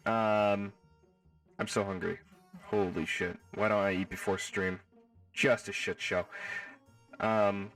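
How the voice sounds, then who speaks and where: A man's voice: on the low side, steady tone, slow pace, long pauses, a bit bright. Man, casual live stream host, jokey, swears, distant mic, faint music behind. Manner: playful, jokey, swears freely. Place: home.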